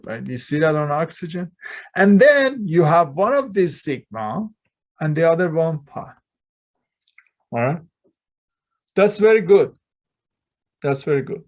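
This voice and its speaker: A man lectures a chemistry class in a slightly higher-than-average voice. He keeps tossing questions at the room and answering them himself, dropping plurals and articles as he goes. The delivery is conversational classroom teaching. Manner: quizzes students with frequent rhetorical questions; non-native grammar, dropped plurals and articles. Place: lecture hall.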